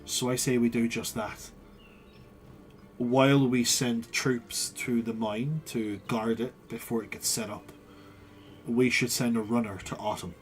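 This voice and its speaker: A man's voice: mid-range voice, steady tone, faint music behind, voice pushed down, lightly acted. A man voicing an unsure young king seeking approval. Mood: measured. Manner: halting, seeks approval. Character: earnest young male ruler, unsure of himself.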